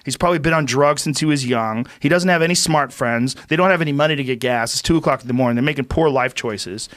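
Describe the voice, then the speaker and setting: A man's voice: mid-range voice, quick pace, a bit bright, no echo. A middle-aged man hosting a podcast, telling a story casually and profanely, acting out what people said. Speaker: podcast host.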